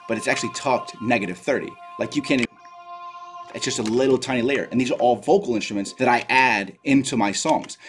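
A man who raps explains song mixing in a casual tutorial, enthusiastic and full of quick asides. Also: medium pitch. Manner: enthusiastic, talks in quick bursts with fillers like "like" and "right?". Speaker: rapper teaching song mixing.

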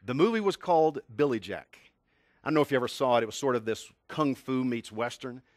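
Fifties guy from tennessee giving a motivational talk, lively storyteller, dry close sound. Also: mid-range voice, fairly quick, no echo. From Tennessee, USA. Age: 50s. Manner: animated storyteller, asks the audience questions. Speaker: communication skills speaker.

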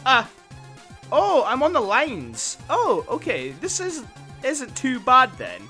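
A man commentating his own video game playthrough with excitable, panicky reactions. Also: very high voice, slow pace. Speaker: gaming video host. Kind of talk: let's play commentary. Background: faint game music.

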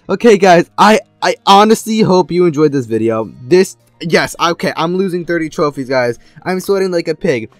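A young man giving gameplay commentary, excitable, jumping from loud outbursts to low mumbling. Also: moderate pace, few pauses, no echo, faint music behind. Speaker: gaming YouTuber.

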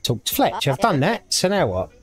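A man's voice: high voice, wildly swooping pitch, normal speed, faint music behind. A man casually commenting on a game as he plays, thinking aloud and reading the on-screen text. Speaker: gaming video creator. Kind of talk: casual let's-play commentary.

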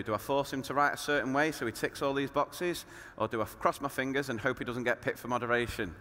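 A man, a primary school teacher, speaks to a room of educators with animated energy and frequent rhetorical questions. His tone is bright and forceful at an average pitch. A long reverb trails off each phrase, as in a large hall. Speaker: primary school teacher giving a conference talk. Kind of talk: lively presentation to teachers.

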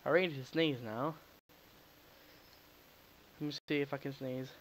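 A man hosts a gaming video from his home recording setup, giving casual, jokey commentary as he plays, talking back to the characters and swearing now and then. His medium-pitched voice has fairly even intonation and a moderate pace. The audio is poor.

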